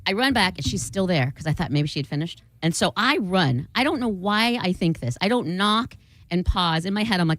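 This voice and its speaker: Animated woman telling a story on radio. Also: fairly quick, no room sound. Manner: animated storyteller, acting out quotes with big pitch jumps. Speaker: radio show co-host. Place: radio studio. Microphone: studio microphone.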